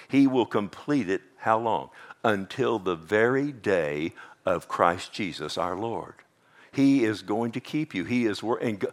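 A man preaching a sermon to a congregation, emphatic and repetitive, who often asks "amen?" and swings between loud exclamations and hushed asides. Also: on the low side.

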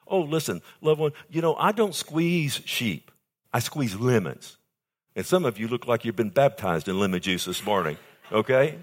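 An older man preaching a sermon as pastor, calling out to his congregation and stretching key phrases slowly for emphasis. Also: expressive, a bit bright. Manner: emphatic preaching with sudden high pitch jumps and slowed key phrases; calls out to congregation with "amen" and "loved one".

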